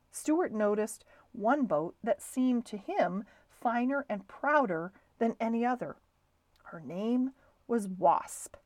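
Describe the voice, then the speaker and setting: A woman who reads a children's storybook aloud with an expressive, varied delivery. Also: mid-range voice, dry recording.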